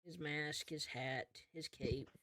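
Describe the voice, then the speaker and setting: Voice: mid-range voice, fairly even intonation, slow, sharp tone, no room sound, clean studio sound. A game master narrating a tabletop game in an easygoing, second-person storytelling way.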